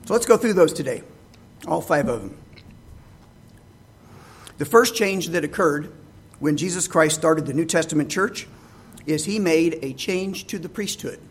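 A man's voice: a little high, animated, a little slow, long pauses, breathy edge. A man preaching a sermon, reading scripture aloud and asking his listeners rhetorical questions.

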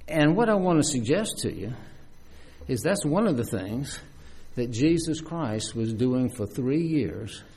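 A man preaching a sermon in a lively, conversational way, with frequent restarts and asides. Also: mid-range voice, measured pace, slightly rough.

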